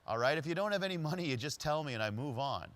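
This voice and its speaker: A man's voice: on the high side, expressive, fast, a bit bright, pitched above the performer's own voice. A man voicing a friendly, street-wise homeless man who teases and encourages in a raised, punchy way. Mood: teasing.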